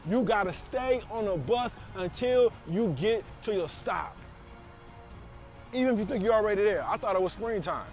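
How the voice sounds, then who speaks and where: High-voiced preachy motivational man. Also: lively intonation, normal speed, faint music behind. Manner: preachy, repetitive, emphatic with call-outs. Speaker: motivational speaker. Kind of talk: motivational speech to camera.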